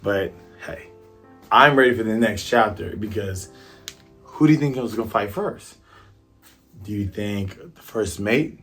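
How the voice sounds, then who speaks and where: A man hosting a casual comic chapter review, retelling the scenes in an animated way and throwing in playful sound effects. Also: fairly low pitch, measured pace, pauses often, slightly rough, soft background music. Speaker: manga review host. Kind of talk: casual chapter recap and commentary.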